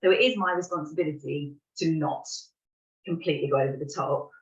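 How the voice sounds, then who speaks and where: A woman's voice: low voice, fairly quick. A woman, candidly talking through a parenting moment and laughing at herself along the way. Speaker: parent sharing an example. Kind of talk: reflective conversational talk. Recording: roomy, distant, dull sound.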